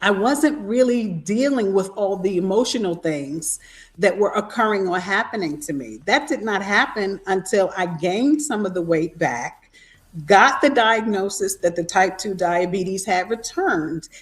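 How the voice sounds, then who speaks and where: A woman's voice: medium pitch, measured pace. A woman guest speaking over a video call, telling her story in an earnest, reflective way. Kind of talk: personal testimony in an interview.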